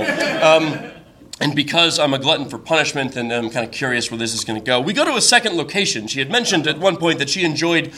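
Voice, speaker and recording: Young man, storyteller, self-deprecating, deadpan, slightly high, bright voice. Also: fast talker. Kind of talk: comedic personal storytelling on stage.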